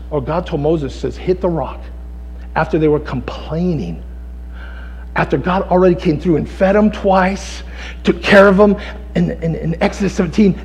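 A middle-aged male pastor preaching a sermon, swinging from hushed, intense passages to loud, shouted exhortation. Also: fairly high pitch, big-room sound, low-quality recording.

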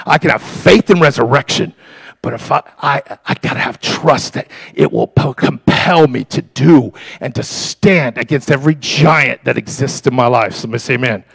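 A man preaching a sermon as pastor, impassioned and storytelling, moving between loud preaching and quiet confiding. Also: medium pitch, moderate pace, vocal fry, husky, no echo, poor audio.

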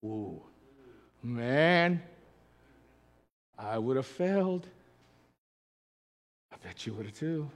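A man preaching a sermon as pastor, fervent, building up loud and calling out to his church. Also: medium pitch, expressive, drawn-out words, pauses often. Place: church sanctuary. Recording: long hall reverb.

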